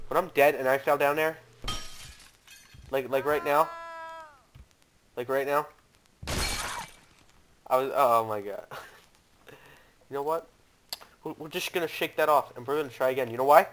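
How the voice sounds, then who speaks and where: A man doing let's play commentary, talking to his viewers and yelling and cursing at the game as he plays. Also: fairly high pitch, normal speed, pauses often. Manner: excitable, yells and curses at the game. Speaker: gaming YouTuber.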